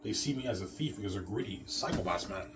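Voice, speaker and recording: A man ranting in a rambling, repetitive monologue, recorded on a distant mic with steady background noise. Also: sits low, fast talker. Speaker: vlogger.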